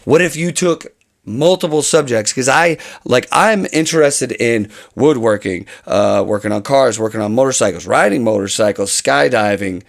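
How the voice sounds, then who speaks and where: A man's voice: medium pitch, moderate pace, vocal fry, no echo, clean studio sound. A man talking casually to camera about his channel plans, rambling and often restarting his phrases. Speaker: channel host.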